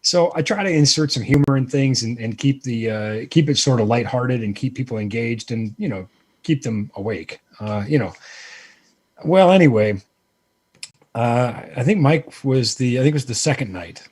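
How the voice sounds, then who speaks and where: A man guest telling a self-deprecating story in casual chat, animated and rambling with lots of fillers. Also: medium pitch, moderate pace, husky. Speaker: guest, lighting presenter.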